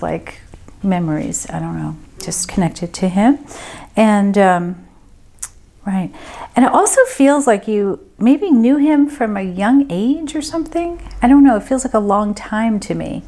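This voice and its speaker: A woman working as a medium, giving a group reading and thinking aloud in a casual, hesitant way with many pauses and fillers. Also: mid-range voice, expressive, creaky, dark tone.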